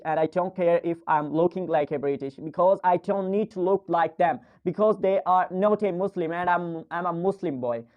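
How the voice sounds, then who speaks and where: A man's voice: fairly high pitch, smooth, muffled recording. A young man giving an earnest, repetitive motivational talk to a phone camera, coaching viewers in non-native English.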